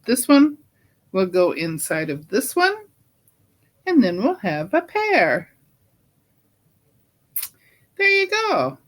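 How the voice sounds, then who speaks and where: A woman's voice: mid-range voice, wildly swooping pitch, takes it slowly, long pauses. A middle-aged woman hosting her own quilting channel, talking through a crafting project in a chatty, homey way with filler ums. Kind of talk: casual crafting tutorial.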